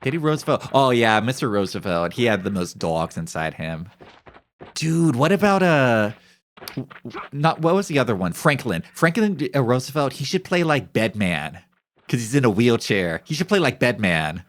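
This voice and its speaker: A man's voice: medium pitch, very animated, normal speed. A young man streaming, chatting casually in rambling, profane, joking banter. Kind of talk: casual chat on a live stream.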